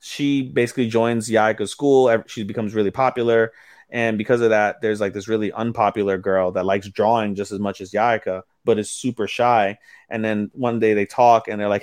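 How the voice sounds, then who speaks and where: A man's voice: lowish voice, fairly even intonation, brisk, a little mellow, clean tone, no room sound, studio quality. A man co-hosting an anime podcast, recapping episodes in loose, profane casual chat full of fillers. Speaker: podcast co-host.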